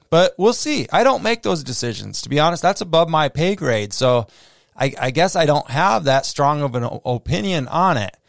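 A man's voice: mid-range voice, clean tone, dry recording, studio quality. A man with a Midwestern American accent hosting a solo podcast, talking casually with many fillers and restarts. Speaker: podcast host. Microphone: close podcast mic.

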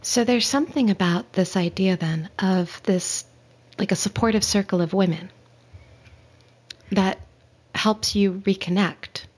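A woman's voice: mid-range voice, measured pace, pauses often, husky. A woman interviewing a guest, offering brief, reflective follow-up remarks. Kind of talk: casual interview.

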